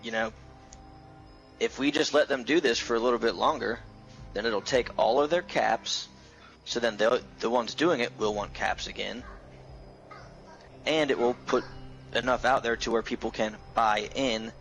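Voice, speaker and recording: A man with a gravelly voice, joking his way through half-serious theories in a casual gaming chat, pausing and restarting often. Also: medium pitch, fairly bright tone, soft background music, poor audio. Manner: hesitant, tongue-in-cheek, joking. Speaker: guest with conspiracy theories.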